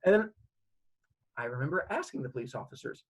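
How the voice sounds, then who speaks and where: A man's voice: fairly high pitch, animated, fast talker, husky, rough recording. A man telling a funny story from his childhood, acting out the scenes. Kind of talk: comedic personal storytelling.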